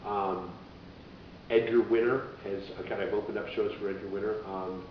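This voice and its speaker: A man's voice: level tone, normal speed. A man, a radio DJ and musician, telling stories in a rambling, casual way as an interview guest. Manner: rambling, acts out voices in quotes. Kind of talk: casual conversational storytelling. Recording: echoey, dull, distant with low rumble.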